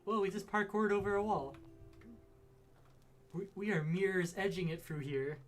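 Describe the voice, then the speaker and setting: A man cracks jokes in loose, casual commentary over a game. His voice is notably high for a man, and faint music plays beneath it. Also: normal speed. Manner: joking, goofy. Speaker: let's play gamer.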